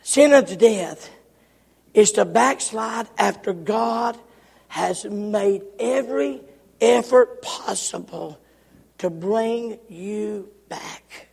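A man preaching a sermon in a church, his delivery swinging from shouts to near-whispers. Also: high voice, slow pace, creaky, husky. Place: church sanctuary. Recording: long hall reverb.

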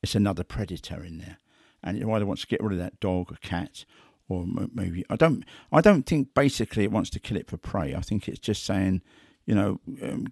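A man's voice: deep voice, a little fast, creaky, few pauses, husky, no echo, clean studio sound. A man talking as a big cat investigator, telling stories and acting out quotes and sounds. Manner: animated, acts out quotes and sounds. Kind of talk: conversational storytelling.

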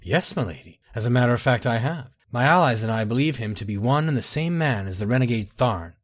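A man's voice: mid-range voice, lively intonation, fairly quick, close to an everyday voice. A man reading an audiobook, voicing a grave, worried king who speaks earnestly and courteously.

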